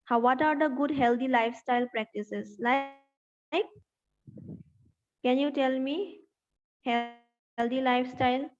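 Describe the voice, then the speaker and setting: A woman teaching a health class, dictating notes slowly and spelling words out letter by letter, and asking the class questions. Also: sits high, steady tone. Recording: dull lo-fi recording.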